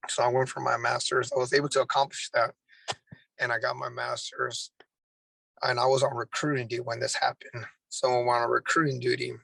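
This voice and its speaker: A man's voice: medium pitch, gravelly, sharp tone, breathy edge, dry recording, rough recording. A man, a Marine drill instructor, earnestly telling a personal story in an interview, with many restarts.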